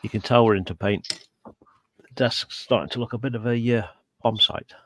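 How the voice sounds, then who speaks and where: A man's voice: mid-range voice, steady tone, normal speed, fairly bright tone, a little hiss or hum. A man with a Yorkshire accent making dry joking asides in casual chat. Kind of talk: casual chat on a modelling stream.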